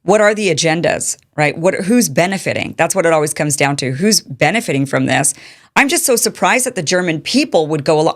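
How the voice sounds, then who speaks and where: A woman's voice: low voice, expressive, brisk. A woman hosting an interview show, talking conversationally and asking rhetorical questions. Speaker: show host. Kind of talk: interview, casual commentary.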